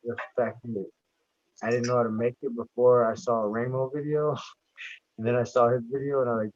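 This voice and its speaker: A man's voice: medium pitch, little pitch movement, brisk, a little mellow. A man chatting casually as a podcast guest, telling stories in a rambling, heavily profane, emphatic way. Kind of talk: casual chat. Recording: dull lo-fi dry sound.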